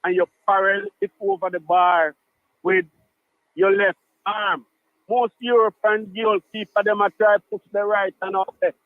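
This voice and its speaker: A Jamaican man calls in to a radio show, heard through a thin, phone-like line. His voice sits high, and he talks in an animated way, slipping into patois and repeating himself. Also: moderate pace, no room sound. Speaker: caller. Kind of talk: call-in radio chat. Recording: tinny phone line, dry.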